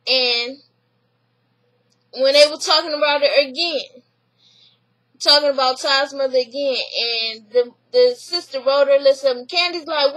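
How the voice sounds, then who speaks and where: A woman's voice: sits high, a little slow, poor audio. A woman casually recapping a reality show, laughing and acting out the people she quotes. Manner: laughing, animated retelling with voiced quotes.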